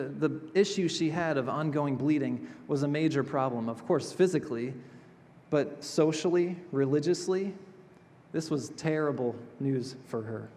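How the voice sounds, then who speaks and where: A male pastor delivering a sermon in a chapel, expressive, moving between emphatic passages and hushed, gentle ones. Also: medium pitch. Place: chapel sanctuary. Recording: reverberant chapel hall.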